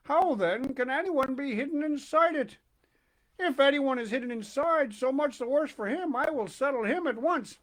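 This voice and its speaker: Man doing a scared old carpenter, stuttering, trembling, high and lively, storybook. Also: moderate pace. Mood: frightened. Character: frightened old carpenter with red nose.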